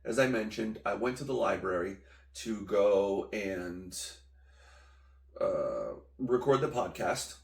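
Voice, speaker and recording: A man's voice: on the low side, gravelly. A man hosting a podcast, telling a story in a playful, jokey way and acting out voices and sound effects. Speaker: podcast host. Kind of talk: casual storytelling monologue. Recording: echoey room.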